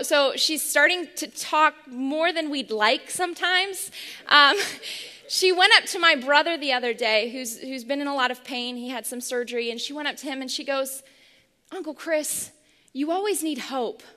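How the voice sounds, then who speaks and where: High, bright young woman preaching. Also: moderate pace. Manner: earnest, storytelling with restarts. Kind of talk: sermon with opening prayer. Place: church sanctuary. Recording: long hall reverb.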